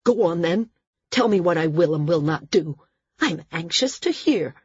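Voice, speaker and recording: Brief: a woman playing a sneering, rage-prone male island lord in an audiobook, husky and low-pitched. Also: expressive, measured pace, dry recording, highs cut off, exaggerated voice. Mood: enraged. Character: cruel, volatile male island ruler.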